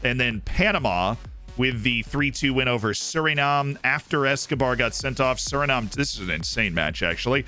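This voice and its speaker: Bright-voiced excitable male streamer. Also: medium pitch, moderate pace, soft background music. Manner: excitable, jokey, talks to himself. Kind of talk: casual game commentary.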